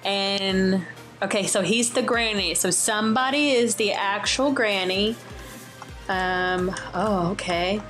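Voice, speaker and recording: A young woman giving excitable, jokey Let's Play commentary as a gaming YouTuber, often exclaiming and shrieking. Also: mid-range voice, slow. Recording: faint game music behind.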